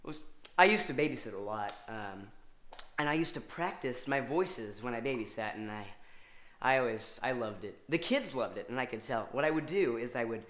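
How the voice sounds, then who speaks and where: A young man doing a stand-up comedy routine, telling a story in halting, rambling sentences full of restarts. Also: medium pitch, lively intonation, a bit bright, roomy sound.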